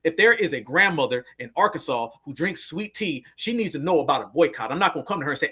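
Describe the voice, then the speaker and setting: A man's voice: fairly high pitch, big pitch swings, fast, hardly any pauses, background noise. A man giving blunt, sarcastic commentary to his viewers, calling them family. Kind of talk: casual commentary.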